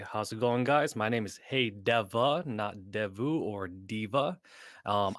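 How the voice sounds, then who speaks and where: A man's voice: medium pitch, a bit bright, no echo, studio quality. A man introducing himself as a creator on a gaming podcast in an easygoing, friendly way. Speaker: YouTube creator guest. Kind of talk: casual podcast chat.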